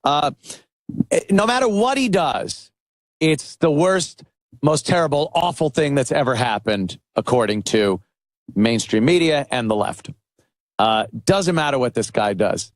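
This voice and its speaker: Sarcastic talk-radio man, fairly high voice. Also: unhurried, no echo, clean studio sound. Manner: sarcastic, mocking, animated. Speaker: guest radio talk-show host. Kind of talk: opinionated talk-radio monologue.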